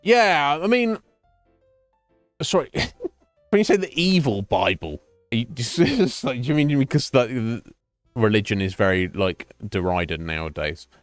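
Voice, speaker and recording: A man's voice: mid-range voice, very animated, a little slow, pauses often, dry recording, soft background music. A middle-aged British man chatting casually to his stream, blunt and sweary, rambling with many restarts. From Britain.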